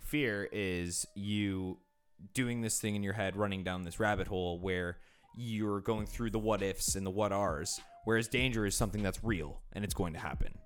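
A man telling a story in a casual podcast chat, relaxed and laughing often. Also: lowish voice, clear, resonant tone.

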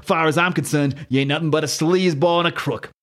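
A man voicing a gruff, blunt male brawler who uses tough street talk in a comic recap. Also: on the high side, steady tone, fast, a bit bright, natural voice. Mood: stern.

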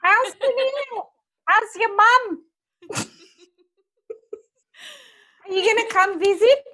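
Brief: a woman doing a cheerful Indian Australian aunt, high and sing-song, slow and drawn out. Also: bright, forceful tone, full character voice. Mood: cheery.

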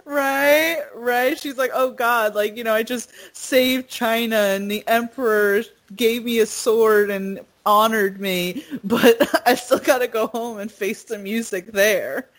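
A woman in casual chat, retelling with animated, swearing enthusiasm and getting emotional. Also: on the high side, takes it slowly, hardly any pauses.

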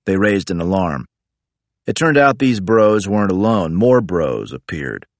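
A low-voiced man narrates a first-person story in a flat, matter-of-fact tone, swearing casually. The recording is dry and close, with no room sound around him. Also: unhurried, no echo.

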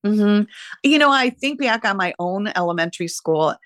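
A retired woman teacher in her sixties, reflecting warmly and emotionally in a conversational interview. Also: mid-range voice, lively intonation, moderate pace, dry recording, clean studio sound. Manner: warm, emotional, laughs easily. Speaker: retired teacher, podcast guest.

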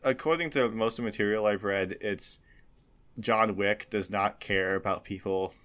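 A man's voice: lowish voice, moderate pace, fairly bright tone. A man running a tabletop game as game master, rambling with many fillers and restarts, laughing often.

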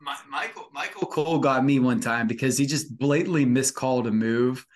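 A man co-hosting a wrestling podcast, talking in an excited, rambling way with many fillers. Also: mid-range voice, moderate pace. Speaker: podcast co-host. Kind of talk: casual wrestling review chat.

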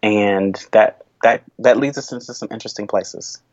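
A worship leader talking through his experiences in a thoughtful, halting way, often restarting his sentences. He is a man with a lowish voice. The recording is dry and a little dull, with a slightly lo-fi sound. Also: dry recording. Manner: thoughtful, halting, with frequent restarts and soft laughs. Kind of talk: reflective interview conversation.

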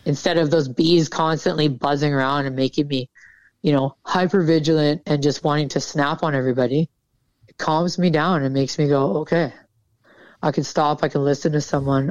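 A woman's voice: low-pitched, steady tone, normal speed, a little mellow, dry recording. A woman military veteran talking candidly in an interview, casual and frank, swearing freely. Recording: dull, dry sound.

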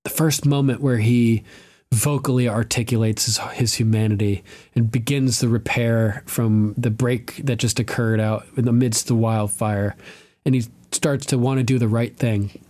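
A male podcast host recapping a TV episode in relaxed, casual chat. He is animated, laughs often and swears freely. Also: mid-range voice, normal speed.

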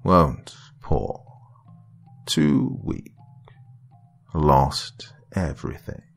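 A man voicing a cruel, disembodied voice that speaks in slow, broken, whispery phrases. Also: rumbling low, creaky, soft background music, exaggerated voice. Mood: cruel taunting. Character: menacing disembodied voice in a man's head, cruel.

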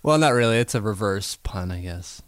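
Man, podcast co-host, lively swinging pitch, rambling and chatty, dry close mic. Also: brisk, dry recording. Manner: chatty, rambling, self-correcting. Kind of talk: casual sports podcast chat.

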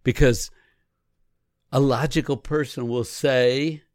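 A man with a gravelly, creaky voice teaches how to connect through emotions. He talks earnestly, explaining step by step and acting out sample lines. The sound is dry and close. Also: mid-range voice, a little slow, dry recording. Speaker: relationship coach. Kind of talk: teaching conversation.

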